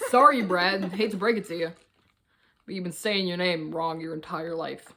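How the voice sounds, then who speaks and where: A woman co-hosting a casual movie review chat with dry wisecracks and quick asides. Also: on the low side, pushed and bright. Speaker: co-host.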